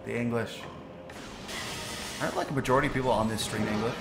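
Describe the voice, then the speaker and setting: A man's voice: mid-range voice, fairly even intonation, fast, roomy sound, over music. A North American man bantering as co-commentator on a game stream, joking and laughing often.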